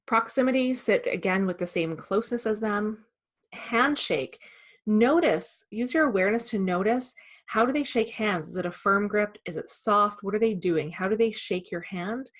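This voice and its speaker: A woman who trains salespeople, giving a calm, measured instructional talk. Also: medium pitch. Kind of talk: instructional presentation.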